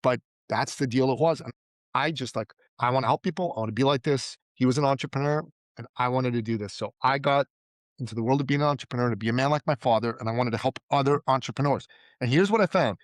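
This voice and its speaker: A man's voice: medium pitch, fast talker, dry recording. A man from Iran, a podcast guest and entrepreneur, telling stories in casual interview talk. He acts out the people he quotes and often says "like" and "right?".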